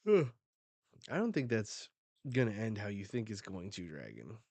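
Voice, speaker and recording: A man reading a comic chapter aloud and reacting to the panels with quick casual remarks. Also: fairly low pitch, huge pitch swings, creaky, a little mellow, no room sound. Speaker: manga reaction host.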